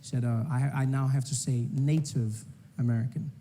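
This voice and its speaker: A man's voice: medium pitch, fairly even intonation, moderate pace, warm tone, slight background noise. South African man telling stand-up. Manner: conversational, storytelling. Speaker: stand-up comedian. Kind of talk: stand-up comedy.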